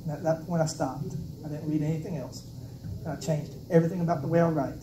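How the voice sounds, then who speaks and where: In a fairly high voice with fairly even intonation, a South Carolina author speaks at a quick pace. He tells personal stories about his writing casually and conversationally, adding joking asides. The indoor event-venue recording is noisy and roomy, with the mic set far away.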